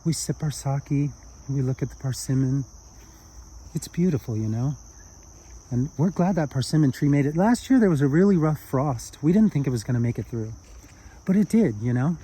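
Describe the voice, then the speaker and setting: A man voicing a gentle, cheerful little old Japanese man who chats kindly and warmly. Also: medium pitch, lively intonation, normal speed, breathy edge. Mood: warm chatty. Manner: kind, chatty, lifting.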